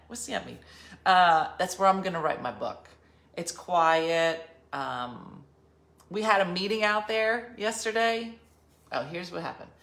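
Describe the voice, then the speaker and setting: A woman's voice: fairly low pitch, lively intonation, unhurried, vocal fry, fairly bright tone. Rambling, jokey woman in a roomy space. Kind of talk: casual chat. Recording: roomy echo with faint ambience.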